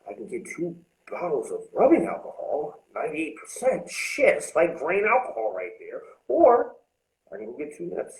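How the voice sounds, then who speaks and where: A man's voice: on the high side, wildly swooping pitch, moderate pace, echoey room, poor audio. A man talking candidly about his recovery from drinking, blunt and heavy with swearing. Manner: blunt, profane, confessional. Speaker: host.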